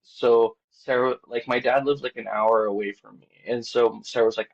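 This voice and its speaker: A man guest on a podcast, telling a personal story in a rambling, casual way, full of "like" and quoted back-and-forth, mostly quiet and low-key. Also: moderate pace, gravelly, hardly any pauses. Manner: rambling, heavy on "like" and quoted dialogue; quiet and low-key, lifting when excited. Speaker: podcast guest, band vocalist. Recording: dull, muffled podcast audio.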